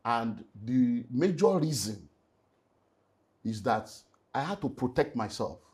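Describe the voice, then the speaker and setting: In an interview, a middle-aged Nigerian-accented man, a pastor and relationship speaker, recounts a painful personal story. He speaks slowly at an ordinary pitch, earnest and animated, slipping into Pidgin phrases.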